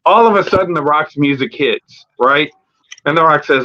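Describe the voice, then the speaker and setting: A man hosting a live wrestling talk stream, ranting casually and profanely about storylines, rambling with fillers and acting out quick promo bits. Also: on the high side. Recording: lo-fi streamed audio.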